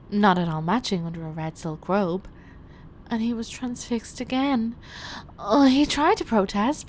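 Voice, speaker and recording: A woman's voice: a little high, slight background noise. A woman playing a seductive detainee who teases and commands an officer in erotic role-play narration. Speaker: erotic audio performer.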